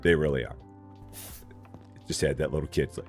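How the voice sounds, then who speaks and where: A man's voice: extremely low pitch, steady tone, normal speed, soft background music. A man streaming a game live, chatting casually, reading chat aloud and joking in a rambling way.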